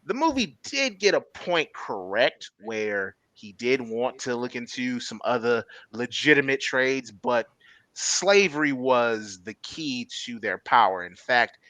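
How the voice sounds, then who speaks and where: A man hosting a casual podcast discussion, animated and slangy, laying out historical background. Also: mid-range voice, unhurried, dry recording. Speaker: podcast host. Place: home setup, live-streamed podcast.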